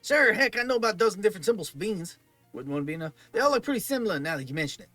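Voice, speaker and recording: A man's voice: sits high, racing, a little mellow, dry recording, soft background music, natural voice. A man voicing a cheerful hobo man in a video game, talking in a folksy, chummy way.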